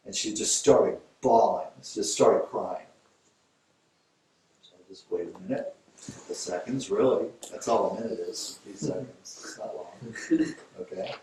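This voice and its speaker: Male teacher, conversational storyteller, boomy echoing hall, picked up from a distance. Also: normal speed, warm tone. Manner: conversational, storytelling, fillers and restarts. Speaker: Thai yoga teacher. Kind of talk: informal lecture with a case story. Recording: very echoey room, voice from a distance.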